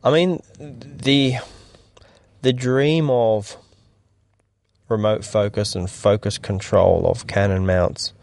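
Low, rambling male tech podcaster. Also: steady tone, takes it slowly, vocal fry, a little mellow, no echo. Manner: rambling, hesitant, many fillers and restarts. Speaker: podcast co-host. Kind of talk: casual tech chat.

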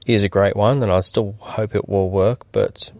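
Male co-host, low voice, dry close sound, chatty and halting, many "uh"s. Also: steady tone, a little mellow, no echo. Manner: rambling, hesitant, many fillers and restarts. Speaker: podcast co-host. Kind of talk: casual tech chat.

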